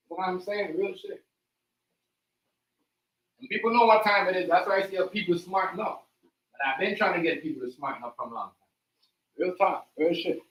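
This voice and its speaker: A man's voice: high voice, fairly quick, long pauses, fairly bright tone, rough recording. A man hosting a live stream, rambling in casual slang and often asking "you know what I mean".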